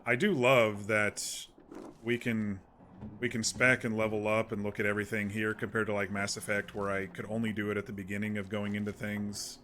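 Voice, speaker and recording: A man's voice: fairly low pitch, little pitch movement, normal speed, fairly bright tone, a little hiss or hum. A man streaming a game, chatting casually to viewers in a soothing, rambling way with many restarts.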